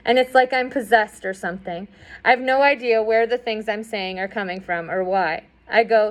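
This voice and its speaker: A woman's voice: mid-range voice, normal speed. A woman reading a novel aloud in a conversational way, with asides and fillers. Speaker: audiobook reader.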